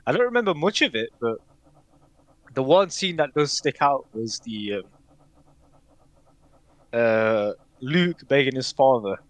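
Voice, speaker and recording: A man in casual podcast conversation, voice in the middle range for a man. He talks haltingly, stopping and restarting with ums and likes. The sound is dry and close, with no room around it. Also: medium pitch, lively intonation, dry recording. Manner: hesitant, many fillers and restarts, laughs often. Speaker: podcast co-host. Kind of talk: casual chat.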